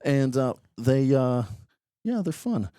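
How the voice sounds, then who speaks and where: A man's voice: mid-range voice, sing-song, takes it slowly, dark tone, clear, resonant tone, dry recording, studio quality. A man chatting casually as a podcast guest, telling stories with many ums and a joking manner. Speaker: reptile expo guest.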